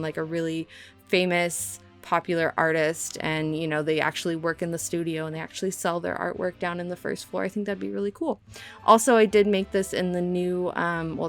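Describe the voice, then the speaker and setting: Young woman, slight Minnesotan twang, lowish voice, rambling casual voice-over, faint music underneath. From Southern California. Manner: chatty, rambling, self-deprecating. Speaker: game builder narrating her build.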